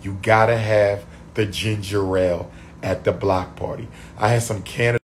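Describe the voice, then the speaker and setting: A man chatting on a livestream, losing his voice, repeating shout-outs to his viewers. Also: fairly low pitch, little pitch movement, normal speed, slight background noise. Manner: repetitive, call-and-response shout-outs to viewers. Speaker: livestream host. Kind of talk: casual livestream chat.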